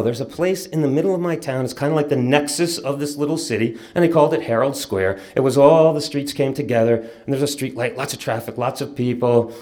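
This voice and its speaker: A man in his sixties telling a personal childhood story vividly, swinging from loud bursts to hushed moments. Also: medium pitch.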